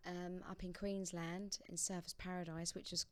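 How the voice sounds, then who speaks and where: A young woman from England chats as a radio interview guest, laughing often and restarting her sentences. Her voice is smooth and fairly low for a woman. The studio sound is close and dry. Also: level tone, normal speed, no room sound.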